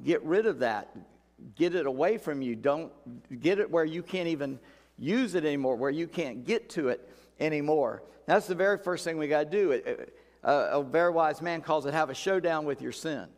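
A man's voice: on the high side, lively intonation, normal speed, darkish tone, big-room sound. A male pastor preaching a sermon in a folksy, conversational way, repeating key phrases for emphasis.

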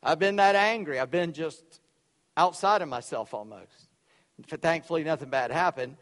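A man preaching a sermon, loud and emphatic, dropping suddenly to quiet for effect. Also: fairly high pitch, moderate pace, big-room sound. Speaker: pastor.

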